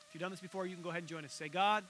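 A man preaching a sermon as pastor, telling stories with animated acted-out voices and leading an altar call. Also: high-pitched, rapid-fire, slight background noise, rough recording. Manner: animated storytelling, acting out quoted voices.

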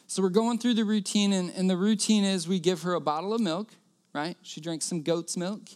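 High, smooth-voiced male preacher. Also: fairly even intonation, moderate pace. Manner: earnest storytelling, repeats key phrases. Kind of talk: sermon with personal story.

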